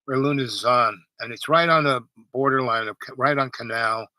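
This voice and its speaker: A man's voice: mid-range voice, normal speed, sharp tone, no room sound, rough recording. A man telling a meandering personal story, full of asides and restarts.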